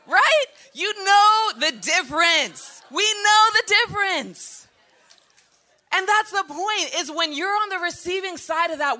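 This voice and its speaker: A woman pastor preaching a sermon, animated and laughing at times, building to shouted passages. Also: very high voice.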